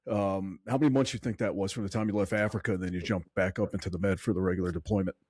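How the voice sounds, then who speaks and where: A man hosting a podcast, recapping the guest's story and asking questions with quick prompts. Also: low-pitched, steady tone, a little mellow, slightly rough. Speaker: podcast host. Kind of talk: casual interview questions.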